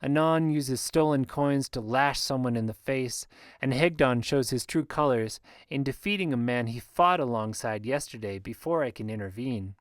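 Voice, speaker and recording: Smooth, dry-voiced male audiobook narrator. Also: mid-range voice, moderate pace, no echo. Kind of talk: scripted first-person fantasy narration.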